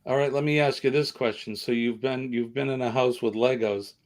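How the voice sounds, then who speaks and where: A man's voice: medium pitch, steady tone, brisk. A middle-aged man with a Boston accent, hosting a casual live chat in a rambling, self-deprecating way. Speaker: livestream host.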